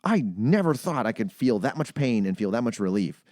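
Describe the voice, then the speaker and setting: Thirties man, podcast co-host; lively, swinging pitch, swears freely, dry close mic. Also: brisk, no room sound. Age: 30s. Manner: animated, swearing storyteller. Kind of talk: casual chat.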